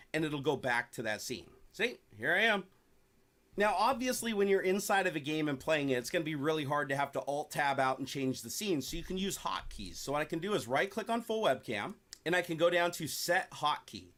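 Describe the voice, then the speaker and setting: A man walking viewers through software settings step by step in a screen-recorded tutorial, talking to them directly. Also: on the high side. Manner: clear step-by-step explaining, addresses viewers directly. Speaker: tutorial presenter.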